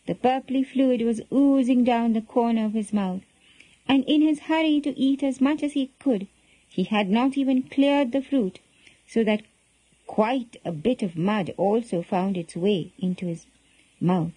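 Warm-voiced woman telling a children's story. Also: a little high, a little slow, dry recording, poor audio. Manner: gentle, expressive storytelling.

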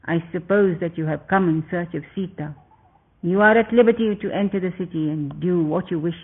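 A man voicing a fierce, gruff female demon gatekeeper in a storybook reading, over a tinny phone-like recording. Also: high voice, a little fast. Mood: resigned. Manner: gruff and commanding.

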